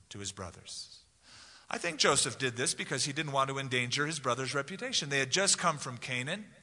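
A pastor with a slightly high, bright, pushed voice preaches an expository sermon verse by verse in a church sanctuary. He keeps it conversational and performs the voices of the Bible characters in the passage. Long hall reverb trails his words.

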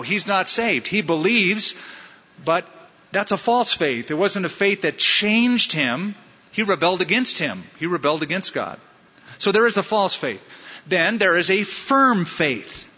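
A man's voice: fairly high pitch, sharp tone, husky. Emphatic male pastor in a reverberant hall. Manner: emphatic, punchy repetition and rhetorical questions to the congregation. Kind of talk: sermon. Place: church sanctuary. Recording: reverberant hall sound, slightly dull.

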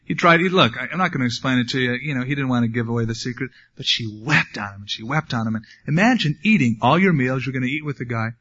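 A man's voice: medium pitch, fast, hardly any pauses, a bit bright, dull audio. A man preaching a sermon, reading scripture and adding wry, conversational asides. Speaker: pastor.

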